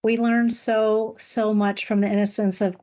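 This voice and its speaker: A woman co-hosting a podcast, responding with warm affirmation and reflecting on a book. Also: mid-range voice, flat delivery, unhurried. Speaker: podcast co-host.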